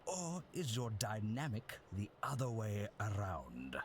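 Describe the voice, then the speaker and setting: An actor playing a disapproving, old-fashioned gentleman in a game, scolding and condescending. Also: fairly low pitch, huge pitch swings, slow, slightly rough, exaggerated voice. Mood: scornful.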